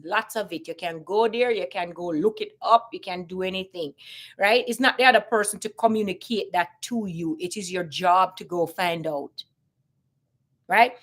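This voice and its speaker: A woman's voice: fairly low pitch, moderate pace, a bit bright. A woman with a Jamaican accent talking casually on a live stream, emphatic, repeating points and asking rhetorical questions.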